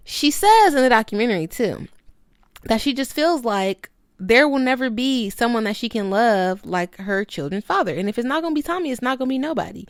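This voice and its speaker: Young woman ranting sassy about a doc, voice bounces all over, kinda high. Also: normal speed, dry recording, studio quality. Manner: animated, sassy and emphatic. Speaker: documentary reviewer. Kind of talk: casual video commentary.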